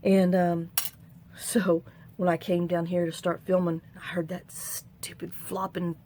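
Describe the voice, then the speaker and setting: A woman's voice: fairly low pitch, level tone, unhurried, dark tone, a little hiss or hum. A middle-aged woman hosting a crafting tutorial at home, chatting in a rambling way with sighs and asides. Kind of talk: casual crafting tutorial chat.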